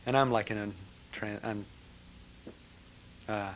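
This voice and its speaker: A man telling a personal story to an audience, animated, with frequent laughter and trailing fillers. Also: on the low side, slow, a little hiss or hum. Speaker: speaker recounting a memory. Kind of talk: personal anecdote to a live audience.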